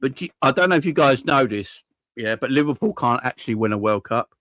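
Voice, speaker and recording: A man's voice: medium pitch, animated, a little fast, a bit bright, no echo. A young man ranting about a football defeat, furious and sweary, repeating himself and firing off rhetorical questions. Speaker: football fan channel host. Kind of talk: angry fan reaction rant.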